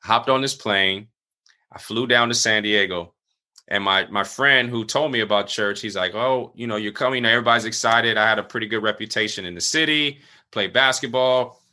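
A middle-aged man, a pastor, telling a personal story in casual conversation, full of fillers and acting out other people's lines in a raised voice. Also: moderate pace. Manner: animated, acts out quoted voices at higher pitch.

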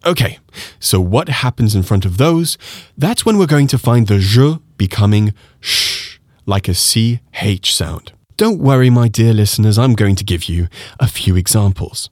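Male podcast teacher; low, animated delivery, methodical and encouraging, dry close recording. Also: no echo. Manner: methodical, encouraging, demonstrates sounds slowly. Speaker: French pronunciation teacher. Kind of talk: podcast lesson.

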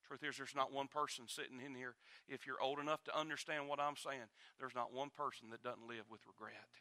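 A man preaching a sermon to a church congregation, shifting dramatically between loud and hushed delivery. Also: medium pitch, steady tone, brisk, dry recording. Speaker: pastor.

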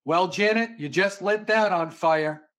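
A man voicing his blunt, exasperated older father, who scolds him in a loud, high, sneering voice. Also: lively intonation, fast talker. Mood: scornful. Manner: yells insults in a scolding voice.

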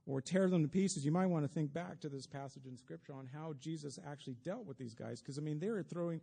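A man with a fairly high but dark, mellow voice preaches a sermon, chatting with the congregation and dropping in wry asides. His words ring out with a long reverb, as if in a big church sanctuary. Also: gravelly. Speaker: pastor. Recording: long reverb of a large hall.

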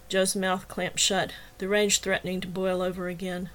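A woman reading a novel aloud in first person as the narrator, with a steady, expressive delivery. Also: lowish voice, moderate pace, rough recording. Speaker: audiobook narrator.

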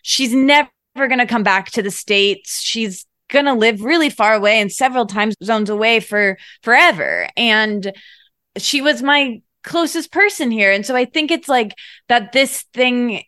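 A woman's voice: a little high, animated, a little slow, pushed and bright, dry recording, clean studio sound. A woman talking as a podcast guest in casual conversation, rambling and emotional, with lots of filler words.

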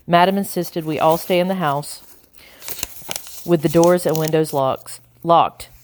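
A woman reading an audiobook in a measured, expressive narrating style. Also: low-pitched, slight background noise. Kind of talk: scripted narration.

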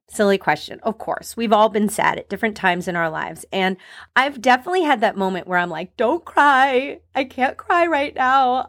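Chatty woman hosting a self-help podcast. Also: mid-range voice. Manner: chatty, lively, acts out little quoted exchanges. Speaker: podcast host.

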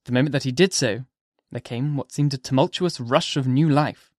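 Measured male audiobook narrator. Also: mid-range voice, darkish tone, dry recording, studio quality. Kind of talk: scripted narration.

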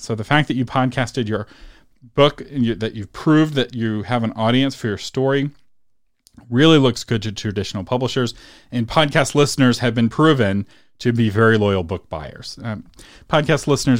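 A man's voice: mid-range voice, no room sound, studio quality. A man hosting a solo instructional podcast, talking casually and chatting with small laughs between points. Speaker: podcast host.

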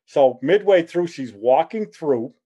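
A man's voice: fairly high pitch, lively intonation, unhurried, dark tone, slightly rough, dull audio. Rambling middle-aged male host. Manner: rambling, self-deprecating humor, many fillers and asides. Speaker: show host. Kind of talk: casual personal storytelling.

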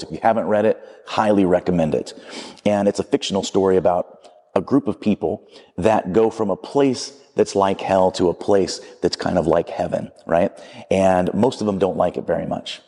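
A man's voice: deep voice, warm tone, husky, big-room sound. A man preaching a sermon in a conversational, storytelling way, acting out the quotes as he goes.

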